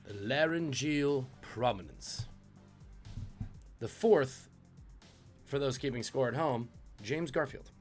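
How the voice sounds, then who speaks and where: A man's voice: medium pitch, animated, slow pace, long pauses, faint music behind. A man hosting a live-streamed trivia quiz, reading questions and joking about viewers' guesses. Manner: jokey, reads out questions and chat guesses. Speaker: trivia host.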